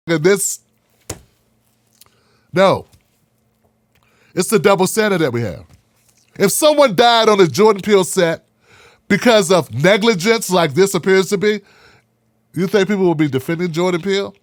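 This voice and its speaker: Brief: male host, sarcastic commentary, high voice, dry close sound. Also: normal speed, pauses often, no room sound. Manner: sarcastic, animated, rhetorical questions. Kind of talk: political commentary monologue.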